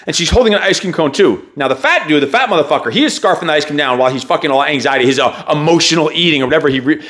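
A man's voice: a little high, a bit bright. A man hosting a motivational podcast, talking in a blunt, heavily profane and emphatic rant. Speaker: podcast host.

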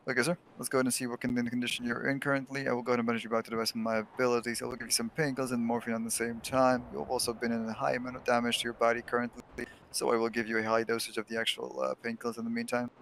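A man's voice: medium pitch, flat delivery, very fast, vocal fry, a bit bright, slight background noise. A man role-playing a paramedic in a game, talking in stiff, formal medical jargon. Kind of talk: in-character game role-play.

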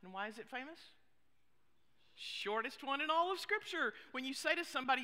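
A woman pastor preaching a sermon, expressive, with hushed asides. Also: high voice, fairly quick. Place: church sanctuary. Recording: long reverb of a church hall.

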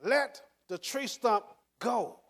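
Older guy giving a pep talk, highish voice, punchy and repetitive, chuckles a lot. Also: animated, slow, a bit bright. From United States. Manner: emphatic, repeats words, chuckles through stories. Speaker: motivational speaker. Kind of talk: motivational talk to an audience.

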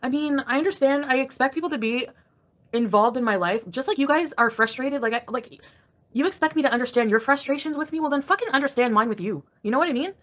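A woman livestreaming from home, venting in an angry, crabby, profane rant that jumps between grumbling and sharp loud outbursts. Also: sits high, fast. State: crabby and irritated. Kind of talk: ranting live stream chat.

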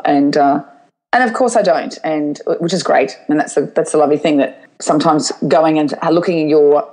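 A woman's voice: deep voice, a little mellow, rough recording. A middle-aged woman, a guest speaker, answering interview questions candidly and telling stories with frequent restarts. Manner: open, storytelling, restarts her sentences.

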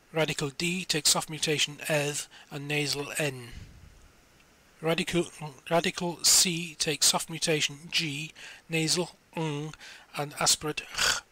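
A man with a bright, forceful voice that sits a little high reads an encyclopedia article aloud. He spells out letters one by one and carefully sounds out each foreign word. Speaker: volunteer reader of spoken encyclopedia articles.

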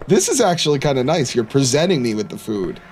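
Man, horror game commentary, jokey, animated pitch, faint background hiss. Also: fast. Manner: jokey, reacts aloud and laughs. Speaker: gaming YouTuber.

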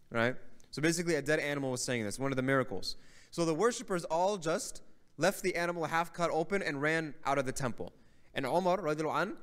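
A man giving a religious lecture, telling a story in a conversational way and often checking in with the audience. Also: fairly high pitch. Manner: conversational storytelling with frequent "right?". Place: mosque hall.

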